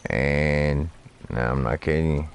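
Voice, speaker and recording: A man's voice: a bass voice, takes it slowly, creaky, slight background noise. A man streaming a fishing game, telling rambling, profane stories while he plays. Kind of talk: casual gameplay commentary.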